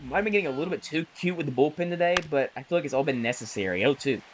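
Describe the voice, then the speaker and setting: A man casually calling the plays of a baseball video game he is playing, chatty and self-correcting, with bursts of excitement on big plays. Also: fairly high pitch, racing, low-quality recording. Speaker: gaming YouTuber. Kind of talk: casual play-by-play while gaming.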